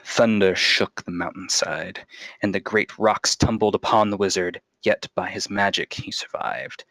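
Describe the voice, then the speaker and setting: A man voicing a boastful, theatrical Vistani storyteller who tells a tale slowly and dramatically. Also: deep voice, fairly even intonation, a bit bright, no room sound, low-quality recording. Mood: dramatic. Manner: slow dramatic proclaiming.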